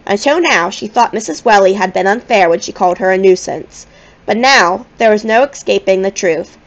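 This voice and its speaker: A woman reading a children's novel aloud in a gentle, expressive storytelling manner. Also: mid-range voice, normal speed, highs cut off. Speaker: audiobook reader.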